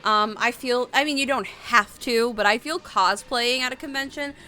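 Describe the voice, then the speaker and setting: A woman's voice: on the high side, normal speed, bright, forceful tone. A woman in her late twenties rambling casually on a live stream, reading out chat messages and answering them. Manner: rambling, chatty, reads chat aloud.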